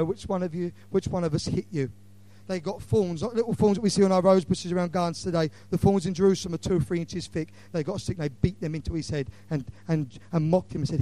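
A middle-aged man preaching an impassioned evangelistic sermon, swinging between loud declarations and hushed lines. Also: a little high.

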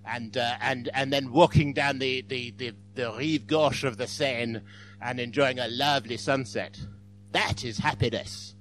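A man's voice: medium pitch, fairly even intonation, a little slow, fairly bright tone, faint music behind, pitched below the performer's own voice, natural voice. A man voicing a passionate Frenchman, emphatic and insistent.

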